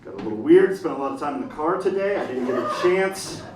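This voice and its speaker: A man doing a stand-up comedy set on a small stage, talking in an animated way and dropping into quick silly voices. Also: on the high side, echoey room, far from the mic, noisy background. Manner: animated, swings into quick put-on voices for jokes. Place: small comedy stage in front of a live audience. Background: audience laughing and clapping.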